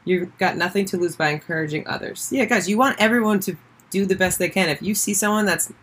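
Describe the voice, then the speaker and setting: A young woman co-hosting a casual chat, reading sports tips in a lively, playful, teasing way. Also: mid-range voice, fast talker, husky, rough recording.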